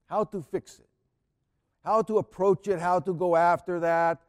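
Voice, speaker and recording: A male preacher speaks in a fairly high, steady voice at a slow, deliberate pace. He is earnest, repeats his key phrases, and often drops into soft, hushed tones. The long reverb of a large church carries his words.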